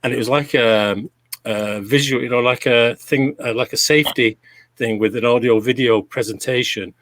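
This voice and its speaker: A man's voice: medium pitch, fairly even intonation, normal speed, fairly bright tone, dry recording. A middle-aged man with a Canadian accent, a DJ reminiscing in casual chat over a video call, rambling with many restarts. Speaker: DJ guest.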